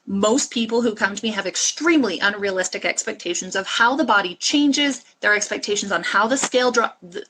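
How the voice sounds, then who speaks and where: A woman coach speaks straight to her listeners in a solo podcast. Her voice sits a bit high for a woman. She talks earnestly and with emphasis, slipping in quick pep-talk asides. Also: a bit bright, breathy edge, rough recording. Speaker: fat-loss and mindset coach.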